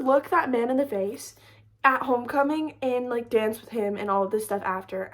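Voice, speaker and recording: A young woman telling a storytime vlog story in a chatty, animated way, full of "like". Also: a little high, moderate pace. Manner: chatty, lots of "like", animated retelling. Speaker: storytime creator. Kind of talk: casual storytime chat.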